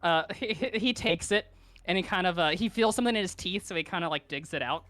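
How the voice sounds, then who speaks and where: A player at a gaming table narrates their character's actions in close detail, in a story-like way and at a middling pitch. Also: fast talker, fairly bright tone, dry recording. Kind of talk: casual tabletop play.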